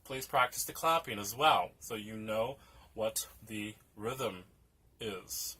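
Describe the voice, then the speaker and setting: A man's voice: fairly low pitch, takes it slowly, husky. A man teaching a piano lesson, patiently counting rhythms aloud for students to follow. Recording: loud music under the voice. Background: piano playing.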